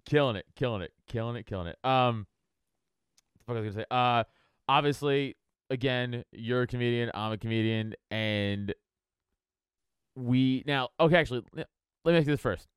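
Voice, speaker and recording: A man's voice: mid-range voice, normal speed, long pauses, smooth, no echo, clean studio sound. A man hosting a casual comedy podcast, swearing freely, laughing often and slipping into silly voices. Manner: crude, laughs often, breaks into funny put-on voices. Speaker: podcast host.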